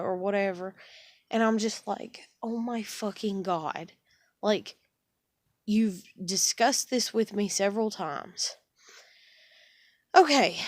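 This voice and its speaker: A woman's voice: medium pitch, no room sound, studio quality. Frustrated woman venting, rambling. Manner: frustrated, rambling, swears often. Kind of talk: casual venting monologue.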